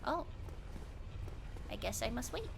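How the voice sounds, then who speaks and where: A woman's voice: fairly high pitch, very animated, unhurried, creaky, noisy background. A woman streaming a video game, chatting casually, giggling often and swearing playfully. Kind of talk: casual gaming commentary.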